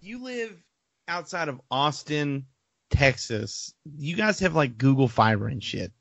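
A man co-hosting a podcast, mocking a friend with profane quick jabs. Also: on the high side, sing-song, vocal fry, lo-fi sound, heavy background noise. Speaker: podcast co-host. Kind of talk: casual chat.

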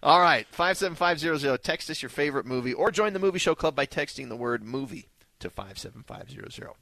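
A man's voice: fairly high pitch, lively intonation, fast talker, bright, forceful tone, no echo. A man hosting a radio movie show in casual chat, reading listener texts aloud in an upbeat way.

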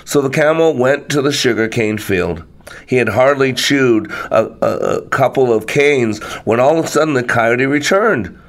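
A man telling a folktale aloud, with an animated, dramatic manner of narration. His voice rests at an ordinary middle pitch for a man. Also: normal speed. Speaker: storyteller. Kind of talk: folktale storytelling.

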